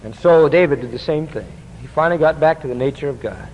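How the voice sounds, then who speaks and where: Brief: male preacher, high-pitched and emphatic, dull old recording with long hall reverb. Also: fast talker, darkish tone, a little hiss or hum. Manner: emphatic, asks the congregation to fill in words. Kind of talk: sermon.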